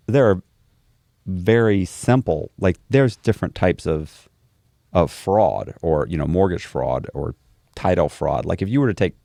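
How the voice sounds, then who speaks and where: A man with a low, gravelly voice tells his story in a relaxed interview. He animates it by doing the voices of the people in it. The sound is close and dry, with no room around it. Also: no room sound. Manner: animated storyteller, acts out quoted dialogue. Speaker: interview guest.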